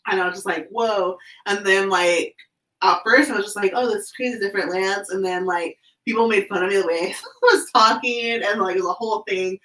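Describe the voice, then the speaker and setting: A woman's voice: mid-range voice, fairly even intonation, fairly quick, fairly bright tone. A woman from California hosting a casual skate chat, upbeat and full of "like". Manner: chatty, upbeat, says "like" constantly. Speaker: skate channel host. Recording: roomy sound, distant from the mic.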